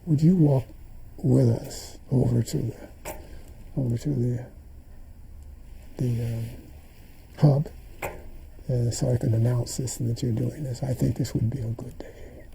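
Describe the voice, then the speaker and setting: A man's voice: medium pitch, steady tone, slow, creaky, long pauses, dark tone, slight background noise, rough recording. An older man in an interview, animatedly retelling events and acting out the dialogue he quotes. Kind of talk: storytelling in an interview.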